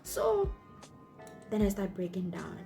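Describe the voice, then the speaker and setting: A woman's voice: medium pitch, normal speed, mellow, soft background music. A young woman from Botswana with a Botswana accent, telling a personal story on her vlog in a chatty way full of fillers. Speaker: YouTuber.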